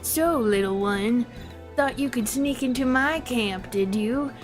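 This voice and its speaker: A woman voicing a smug, gruff male army commander in a lowered voice, reading game dialogue aloud. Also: slow pace, soft background music.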